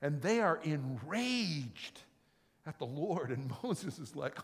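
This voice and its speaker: Man, preacher, sermon, fairly high voice, dramatic, loud to whispered, echoing hall. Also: big pitch swings, extremely slow, gravelly. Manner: dramatic storytelling, swinging from shouted to whispered.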